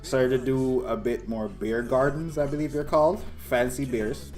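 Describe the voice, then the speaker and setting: A man's voice: medium pitch, steady tone, moderate pace, darkish tone, soft background music. Profane young man in casual chat. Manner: loose, profane, laughing often. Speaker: podcast co-host.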